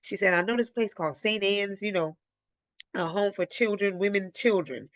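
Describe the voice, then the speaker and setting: A woman from Illinois hosting a live Q&A, telling a personal story in a casual, animated way and acting out the voices she quotes. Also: medium pitch, moderate pace, dry recording. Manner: animated, acts out quoted voices, addresses listeners as y'all. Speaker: host of a live Q&A.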